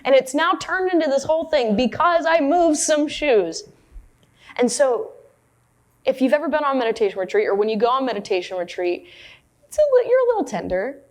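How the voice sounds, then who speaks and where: A woman's voice: high-pitched, expressive, normal speed. A woman giving a dharma talk, telling a personal story in a candid, self-deprecating way. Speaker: meditation teacher.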